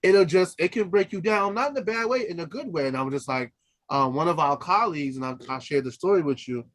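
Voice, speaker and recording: Male singer co-hosting a podcast, slightly high voice, loose chatty storyteller who laughs often. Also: fast, a bit bright. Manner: chatty, laughs easily, trails off and restarts. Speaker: podcast co-host. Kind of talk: casual chat.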